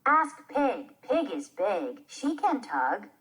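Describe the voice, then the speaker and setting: A practical, caring storybook mother, read aloud by a woman, slow and lively in pitch. Plain reading voice. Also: breathy edge, exaggerated voice. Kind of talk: reading a children's play aloud.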